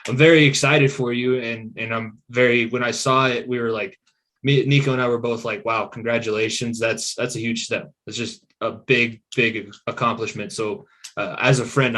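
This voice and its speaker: A man's voice: lowish voice, a bit bright. A man hosting a casual podcast interview, talking in a friendly, rambling way with restarts. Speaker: podcast host.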